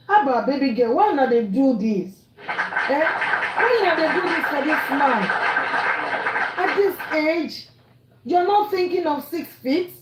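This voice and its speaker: High-pitched scolding Nigerian woman. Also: echoey room, poor audio. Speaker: online commentator. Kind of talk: angry rant.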